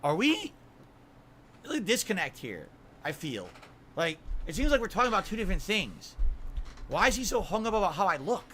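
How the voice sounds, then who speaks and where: A man with a high-pitched, sharp and bright voice addresses his camera. He defends himself with one rhetorical question after another and sounds put out. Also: very animated, moderate pace, long pauses, slight background noise. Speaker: streamer in a played clip.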